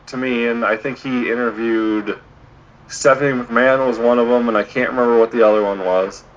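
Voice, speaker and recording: Opinionated podcast co-host, rambling casual delivery, muffled lo-fi recording. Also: male voice, lowish voice, a bit bright. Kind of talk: casual chat. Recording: dull lo-fi podcast audio.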